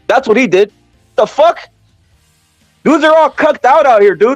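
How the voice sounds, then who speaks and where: High-voiced man ranting, profane. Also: animated, normal speed, no echo, faint music behind. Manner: profane, repeats "dude" and "bro". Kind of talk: heated casual rant.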